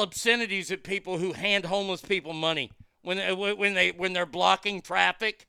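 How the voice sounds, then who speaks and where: A man's voice: sits high, fairly even intonation, normal speed, vocal fry, sharp tone, clean tone, no room sound, studio quality. A man in a car giving crude, angry commentary while reacting to a news clip. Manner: angry, crude, blunt, heated. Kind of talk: profane ranting commentary.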